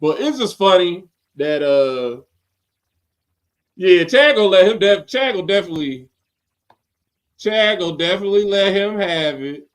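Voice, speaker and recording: A man with a notably high voice hosts a loose, chatty podcast. He talks with lively energy, laughs often and mimics other people's voices as he tells stories. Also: moderate pace, pauses often. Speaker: podcast host. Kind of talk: casual wrestling podcast chat.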